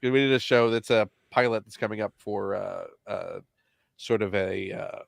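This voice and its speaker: A man's voice: fairly low pitch, normal speed, gravelly, dry recording. A man with a General American accent hosting a casual chat in a wry, playfully teasing way. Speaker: host.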